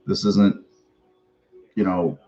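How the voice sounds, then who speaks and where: A man's voice: low voice, fairly even intonation, drawn-out words, warm tone, dull audio. A man hosting a fan sports podcast in a casual, rambling way, swearing freely and restarting his sentences often. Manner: rambling, profane, with many restarts and fillers.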